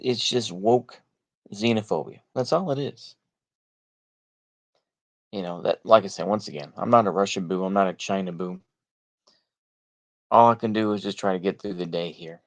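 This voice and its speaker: A man with a Texan accent giving a casual political monologue, blunt and sarcastic, rambling with lots of fillers and repeated "like I say.". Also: fairly low pitch. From United States. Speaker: political commentary vlogger.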